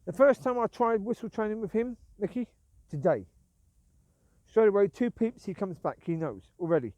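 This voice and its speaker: A man's voice: high voice, lively intonation, normal speed, mellow, no room sound. A man talking to camera in a rambling, casual vlog monologue, aggrieved and self-justifying, repeating himself, while outdoors with his dogs. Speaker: vlogger.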